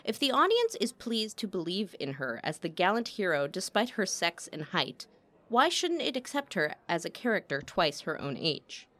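A woman's voice: mid-range voice, very animated, normal speed, sharp tone. A woman voicing a guarded male opera impresario who speaks coolly and dryly. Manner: dry, clipped, coolly sardonic.

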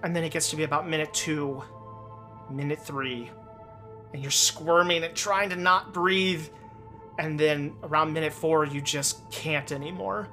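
A man's voice: a little high, steady tone, unhurried, pushed and bright. Man narrating as game master, music behind. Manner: descriptive, loose, with fillers.

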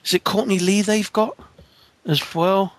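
A man's voice: sits high, measured pace, no room sound. British man, young, emphatic, playful, dry close mic. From United Kingdom. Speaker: podcast co-host. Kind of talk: casual basketball chat.

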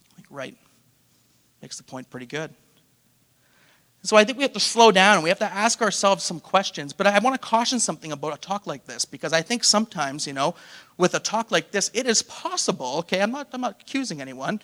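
A male pastor with a high voice preaches a sermon, pressing his listeners with one rhetorical question after another. He breaks in with playful asides to the congregation, and his voice rings out with a long reverb in a church hall. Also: animated, brisk, a bit bright.

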